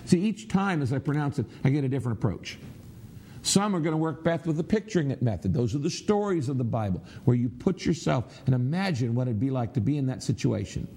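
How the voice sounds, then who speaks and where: A man's voice: mid-range voice, very animated, fairly quick, warm tone, husky. A middle-aged man preaching a sermon, teaching in an earnest, emphatic way with prayerful asides. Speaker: pastor.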